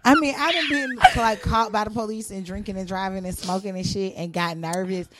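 A woman's voice: mid-range voice, steady tone, brisk, a bit bright, a little hiss or hum. A woman co-hosting a podcast, chatting in a blunt, profane, bantering way. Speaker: podcast co-host. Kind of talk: casual chat.

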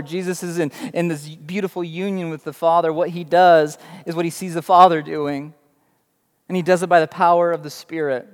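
A young adult man preaching a sermon, telling the story dramatically with emphatic rhetorical questions. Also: a little high. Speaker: pastor. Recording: long reverb in a large hall.

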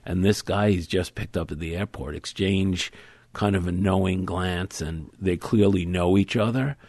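Author guest, low male voice, thoughtful and measured, dry close studio sound. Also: a little mellow, dry recording. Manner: thoughtful, measured, explains at length. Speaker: author being interviewed. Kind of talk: conversational interview.

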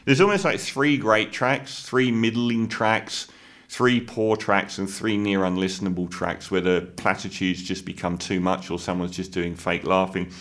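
A man giving an opinionated spoken album review, often pausing with fillers and restarting sentences. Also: low voice, fairly even intonation, fairly bright tone.

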